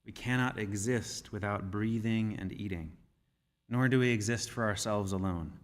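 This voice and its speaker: A man giving a sermon as minister, speaking in a measured, gentle storytelling manner. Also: on the low side. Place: church sanctuary. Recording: reverberant church hall.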